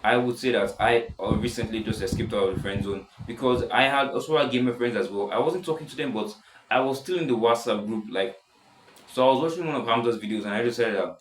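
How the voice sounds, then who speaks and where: A seventeen-year-old boy with a deep voice, rambling casually in a self-improvement vlog, full of restarts. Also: quick pace, echoey room, low-quality recording. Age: teens. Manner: rambling, many restarts and "stuff like that". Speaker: vlogger.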